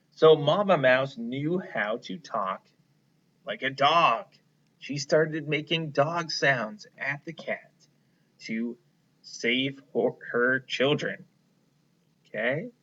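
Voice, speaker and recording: A male teacher reads a picture book to young children and explains it slowly and encouragingly. His tone is bright and forward, and his pace is unhurried. The recording sounds dull and lo-fi. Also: medium pitch. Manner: patient, encouraging, explaining to kids. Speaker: elementary school teacher. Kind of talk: read-aloud lesson for young children.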